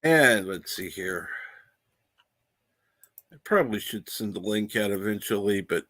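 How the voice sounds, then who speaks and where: Slow-talking laughing male streamer. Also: lowish voice, animated, fairly bright tone, dry recording. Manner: laughs often, reads chat aloud. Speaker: livestream host. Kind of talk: casual livestream chat.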